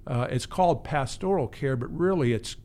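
Male pastor in an interview, average pitch, earnest and thoughtful delivery. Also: lively intonation, moderate pace, darkish tone. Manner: earnest, reflective, with frequent restarts. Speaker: pastor and pastoral care teacher. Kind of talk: conversational interview.

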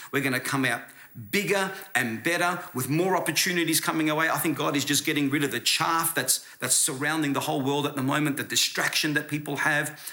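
Bright-voiced pastor preaching. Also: male voice, fairly high pitch. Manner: earnest, conversational preaching with repeated restarts. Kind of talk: sermon.

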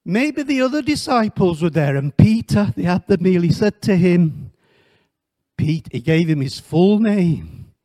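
Animated man preaching a sermon. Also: high voice, a little slow. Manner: animated, asks the congregation questions, joking asides. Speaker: missionary preacher. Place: church.

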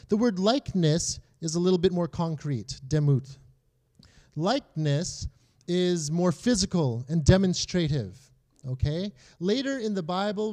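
A man's voice: high-pitched, darkish tone. A young adult man teaching a Bible lesson in a conversational way, often checking in with his listeners.

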